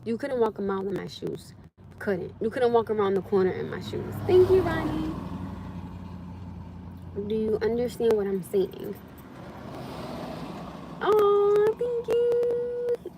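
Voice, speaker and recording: A woman's voice: medium pitch, darkish tone, a little hiss or hum. A woman hosting a casual livestream from her phone, reading scripture and thanking viewers, exclaiming and laughing often. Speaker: livestream host.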